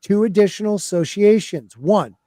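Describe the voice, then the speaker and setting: This is a man hosting a casual podcast, reading fan theories aloud and hamming them up. His voice sits high but sounds soft and mellow. It is recorded close and dry, with little room sound. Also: moderate pace, dry recording. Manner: playful, laughing, reads aloud with put-on emphasis.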